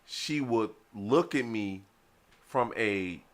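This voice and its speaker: A man's voice: lowish voice, slow. Rambling Detroit man, a teenager's dad. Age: father of a teenager. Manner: rambling, restarts, nudging questions. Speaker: podcast co-host. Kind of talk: casual chat.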